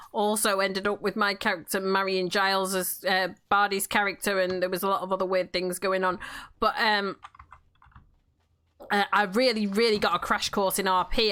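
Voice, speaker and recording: Bright-voiced Manchester woman, chatty and sweary. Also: medium pitch. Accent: Northern English, Manchester area. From England, near Manchester. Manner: chatty, swears freely, frequent restarts. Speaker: game streamer and role-player. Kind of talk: casual chat while playing a game.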